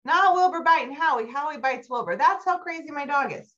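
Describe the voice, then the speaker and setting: A middle-aged woman giving a motivational keynote talk, telling stories with animated energy and climbing high when excited. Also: brisk. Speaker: keynote speaker. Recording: dull lo-fi recording.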